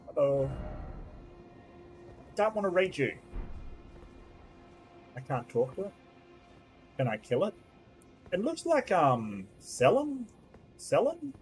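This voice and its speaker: A man's voice: high-pitched, a little mellow, poor audio. A man giving casual, rambling let's-play commentary while gaming, easily distracted. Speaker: gaming streamer.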